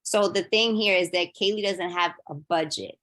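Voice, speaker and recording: A woman's voice: lowish voice, moderate pace. A woman in her thirties chatting casually on a podcast, telling a family story and acting out what each person said. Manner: animated storyteller, acting out quotes. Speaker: audience member sharing a story. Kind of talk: casual chat.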